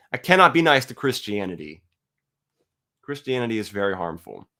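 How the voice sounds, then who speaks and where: A man giving a heated, profane monologue to his viewers, blunt and argumentative, sometimes reading a passage aloud slowly. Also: on the low side, a bit bright. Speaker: atheist video host. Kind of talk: ranting monologue to camera.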